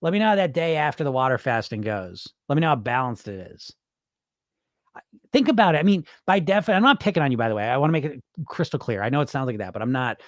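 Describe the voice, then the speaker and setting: A fast-talking man with a medium-pitched voice runs a casual weight loss live stream, recorded with studio quality and no room sound. He reads viewer comments aloud and bluntly answers them, swearing freely. He animatedly voices what dieters say to themselves.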